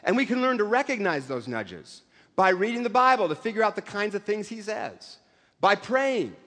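A middle-aged pastor preaches a sermon conversationally, using self-deprecating humor and acting out voices. His voice is high and a bit bright, and the recording carries long hall reverb.

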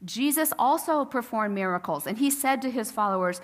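A woman's voice: fairly high pitch, lively intonation, a little fast, hardly any pauses. Woman preaching in a reverberant sanctuary. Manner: conversational storytelling, acting out quotes. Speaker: pastor. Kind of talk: sermon. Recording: long reverb of a church sanctuary.

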